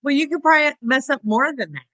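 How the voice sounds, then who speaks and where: A woman co-hosting a podcast about dog training, talking in a relaxed, chatty way. Her voice is bright and forward, recorded dry and close with no room sound. She slips into quick little voices for the dogs and their owners. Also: high-pitched, dry recording. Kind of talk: casual podcast conversation.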